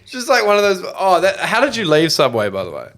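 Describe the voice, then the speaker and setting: A young man in his twenties from South Africa co-hosts a casual podcast. His voice sits a bit high and moves a lot, and he keeps things laid-back with frequent quick agreements. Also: wildly swooping pitch, a bit bright. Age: 20s. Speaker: podcast co-host. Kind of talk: casual chat.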